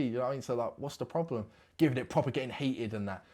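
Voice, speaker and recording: A man's voice: mid-range voice, fast talker, few pauses. A man in his twenties, a guest rambling through a story with loads of British slang in casual interview chat. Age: 20s.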